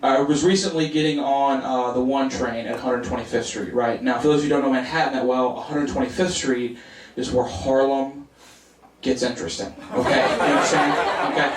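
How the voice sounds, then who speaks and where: Man from Oklahoma doing stand-up in an echoey club. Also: medium pitch. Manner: casual, lots of "like", rhetorical asides. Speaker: stand-up comedian. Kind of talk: stand-up comedy set. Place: comedy club. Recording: echoey club, distant mic, crowd laughter. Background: audience laughter.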